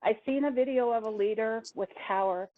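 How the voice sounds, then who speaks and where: A woman's voice: a little high, a little fast, noisy background. A woman pleads passionately during a public comment, her voice pressing hard on every point. Her audio is narrow and tinny, like a phone call. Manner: impassioned, pleading.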